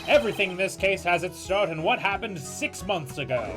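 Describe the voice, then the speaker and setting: A man's voice: high-pitched, animated, brisk. A man voicing a confident young male defense attorney in a fan game reading, with a stiff, formal courtroom delivery. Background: game music.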